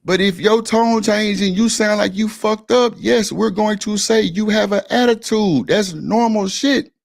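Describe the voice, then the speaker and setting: Guy with a gravelly voice going off on a stream, blunt and repetitive, cussing a lot. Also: sits high, fairly even intonation, measured pace. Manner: blunt, insistent, repeats himself, swears freely. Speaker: stream panel host. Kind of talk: heated argument on a live stream.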